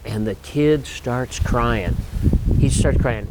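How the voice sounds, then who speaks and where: A man's voice: mid-range voice, slow, heavy background noise. A man in his sixties, a working musician, telling an old gig story in an easygoing, rambling way with asides. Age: 60s. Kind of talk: casual storytelling.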